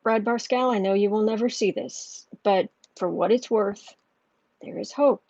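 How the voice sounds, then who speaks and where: A woman's voice: mid-range voice, unhurried, dark tone, dry recording, lo-fi sound. A woman talking through a tarot reading in a loose, rambling way, with lots of restarts. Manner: rambling, chatty storytelling with restarts. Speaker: tarot reader. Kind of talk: casual tarot reading monologue.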